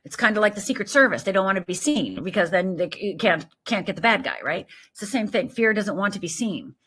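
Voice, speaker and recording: A middle-aged woman, a life coach, talking in an animated, emphatic way as an interview guest. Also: medium pitch, fairly quick, slightly rough. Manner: animated, emphatic, lively storytelling with quoted voices. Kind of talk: conversational interview.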